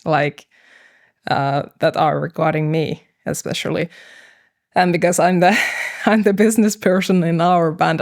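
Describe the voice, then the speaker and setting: Young woman, podcast guest; unhurried, thoughtful delivery with vocal fry. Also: low voice. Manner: thoughtful, hesitant, with frequent fillers and laughs. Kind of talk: casual podcast conversation.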